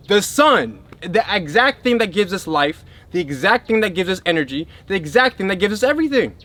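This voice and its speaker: A man's voice: high-pitched, very animated, brisk, hardly any pauses, fairly bright tone. A man giving an emphatic spiritual teaching talk who keeps checking in with his listeners.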